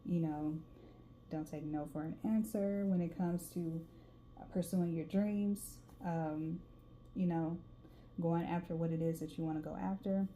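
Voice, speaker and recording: A woman's voice: on the low side, fairly even intonation, a little slow, dark tone. A woman with a Southern US drawl giving a casual tarot reading, chatty and reading card texts aloud. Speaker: tarot reader. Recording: faint background noise.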